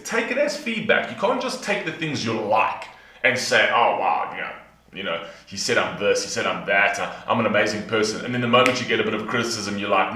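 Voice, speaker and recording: Animated, bright-voiced man reacting to music. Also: mid-range voice. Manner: animated, swears freely, acts out imagined inner voices. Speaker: reaction video host. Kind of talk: casual reaction commentary. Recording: roomy echo.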